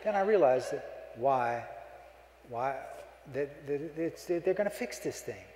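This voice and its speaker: A man's voice: medium pitch, animated, a little slow, darkish tone, a little hiss or hum. A middle-aged man giving a humorous keynote speech, a folksy joking storyteller, speaking on a stage microphone in a conference hall. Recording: echoey hall, live.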